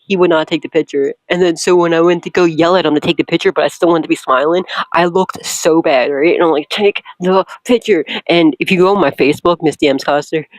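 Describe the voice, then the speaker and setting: A young adult woman, a tarot reader, chatting casually: loud, laughing often and swearing freely. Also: low voice, dry recording, low-quality recording. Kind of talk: casual storytelling and tarot reading.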